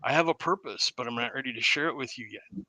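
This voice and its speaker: A man voicing a mysterious hooded stranger who speaks quietly and holds things back. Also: medium pitch, fast talker, dry recording, voice pushed down, low-quality recording. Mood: secretive. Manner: quiet, withholding.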